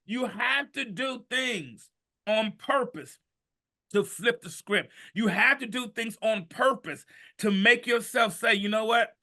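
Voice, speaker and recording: A man in his fifties telling his life story on a podcast, animated and emphatic, sometimes rising to a shout. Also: high voice, takes it slowly. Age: 50s. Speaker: podcast guest. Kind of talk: storytelling in conversation.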